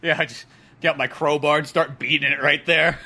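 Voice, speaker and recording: A man's voice: fairly high pitch, steady tone, moderate pace, sharp tone. A young man co-hosting a podcast, rambling in a casual, laughing way. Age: young adult. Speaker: podcast co-host. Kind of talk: casual chat.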